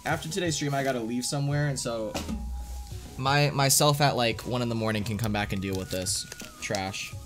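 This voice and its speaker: A man streaming live, chatting casually and excitably to his viewers, full of slang. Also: mid-range voice, normal speed, faint music behind. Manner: excitable, slangy, says dude a lot. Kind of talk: casual live-stream chat while opening card packs.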